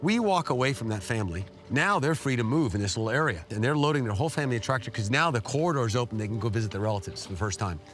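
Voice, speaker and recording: A middle-aged man giving an earnest, emotional personal testimony as an interview guest, his pitch jumping up when he is moved. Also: expressive, very fast, few pauses, a bit bright, soft background music. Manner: emotional, earnest storytelling with sudden rises in pitch. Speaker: guest telling a war story.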